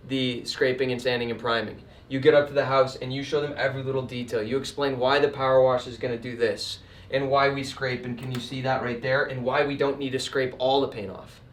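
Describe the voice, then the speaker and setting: A man teaching sales in a casual, conversational way, emphatic and lively as he walks through examples. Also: mid-range voice, fairly quick, reverberant. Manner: conversational and emphatic, acts out customer types. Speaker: sales trainer and painting business owner. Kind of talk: casual instructional talk. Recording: voice a bit distant from the mic.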